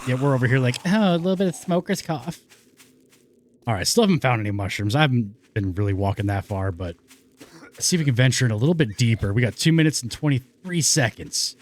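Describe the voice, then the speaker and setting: Animated joking man narrating his gameplay. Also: medium pitch. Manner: jokey, rambling, talks to himself and the game; lively swings from mumbles to excited whoops. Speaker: let's play gamer. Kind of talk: casual gameplay commentary.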